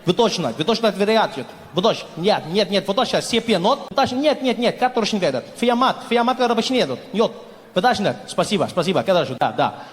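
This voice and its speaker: Comic playing a brusque Russian phone caller, Russian accent, fast mock chatter, roomy echo. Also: male voice, high-pitched, lively intonation. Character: Russian man on a phone, shady, rapid. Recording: echoey live hall.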